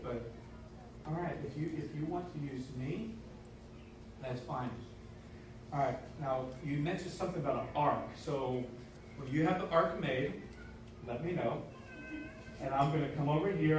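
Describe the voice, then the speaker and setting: A man with a fairly high voice preaches a sermon in a loose, conversational way and keeps asking the congregation questions. He sounds set back from the mic, and his voice rings through a very echoey church hall with faint room noise underneath. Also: far from the mic. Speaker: pastor. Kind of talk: casual sermon. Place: church sanctuary.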